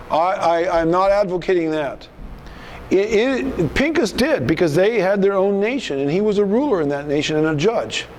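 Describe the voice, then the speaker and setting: A man's voice: sits high, darkish tone, slight background noise. A male pastor preaching a sermon in an emphatic, rebuking manner, often repeating himself.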